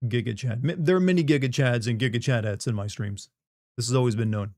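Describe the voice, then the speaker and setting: A man's voice: mid-range voice, quick pace, a little mellow, dry recording, clean studio sound. A middle-aged man from the Southern United States chatting casually on a live stream, rambling, joking and reading chat aloud.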